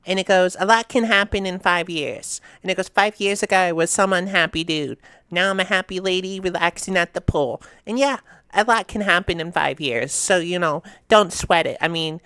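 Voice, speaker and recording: A woman's voice: lowish voice, normal speed, fairly bright tone, smooth, no echo. A woman hosting a casual reaction video, reading meme captions aloud and chatting with sass. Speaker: host reacting to memes.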